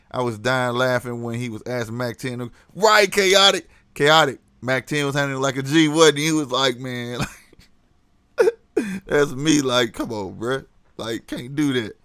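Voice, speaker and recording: A man's voice: a little high, no room sound. A man hosting a casual livestream, talking animatedly to his chat, laughing often. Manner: animated, laughs a lot, reads chat aloud. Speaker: livestream host.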